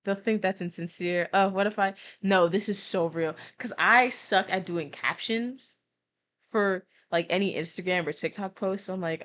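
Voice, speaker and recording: हँसमुख युवा महिला गेम स्ट्रीमर. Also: female voice, medium pitch, normal speed, fairly bright tone. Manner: giggly, chatty, self-deprecating. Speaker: gaming streamer. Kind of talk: let's play commentary, reading game text.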